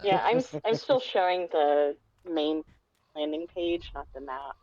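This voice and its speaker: A woman playing in a tabletop game, chatting in a relaxed, drawling way. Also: sits low, unhurried, dry recording. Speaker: player. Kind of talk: casual tabletop game chat. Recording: dull lo-fi mic.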